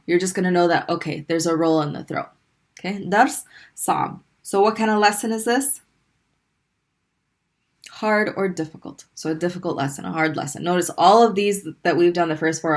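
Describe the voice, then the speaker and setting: A woman teaching a recorded online language lesson, patiently sounding out syllables slowly between brisk explanations. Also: on the low side.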